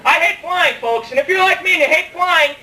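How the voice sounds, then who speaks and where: A man's voice: extremely high pitch, fairly quick, bright, forceful tone. A young man performing a rambling, self-mocking stand-up comedy set, joking with the crowd in a club. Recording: distant mic in a live club, faint room ambience.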